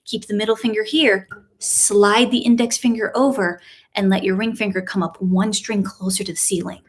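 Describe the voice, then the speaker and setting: A woman's voice: mid-range voice, steady tone, normal speed. A young adult woman teaching a live ukulele lesson, counting beats aloud, calling chord changes and greeting viewers in the chat. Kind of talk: live-streamed music lesson. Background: ukulele playing.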